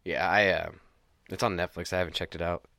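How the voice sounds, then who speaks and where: A man's voice: low voice, fairly even intonation, brisk, vocal fry, pushed and bright, no echo, studio quality. A man co-hosting a casual podcast, joking and swearing freely. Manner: irreverent, profane, joking. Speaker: podcast co-host.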